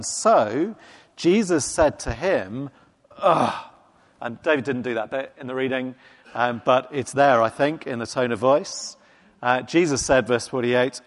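Wry preacher in a reverberant hall. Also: male voice, on the high side. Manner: conversational, wry, emphatic preaching. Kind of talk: sermon.

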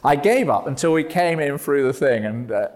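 A man giving a jokey, animated talk on evangelism to a meeting. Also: on the high side, moderate pace. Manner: jokey, animated, self-mocking asides. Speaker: preacher.

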